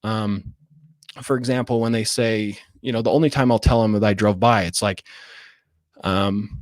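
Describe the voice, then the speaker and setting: In a dry, clean studio recording, a man with a fairly low, steady voice speaks at a moderate pace. He's a real estate wholesaler casually explaining his sales calls in an interview, demonstrating sample phone lines and often asking "right?"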